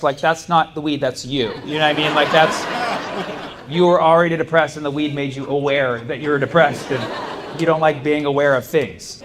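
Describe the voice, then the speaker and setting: On a comedy club stage, a man with a voice on the high side does a stand-up set at normal speed. His storytelling rambles, with lots of fillers and false starts. Audience ambience and steady background noise come through in this live club recording.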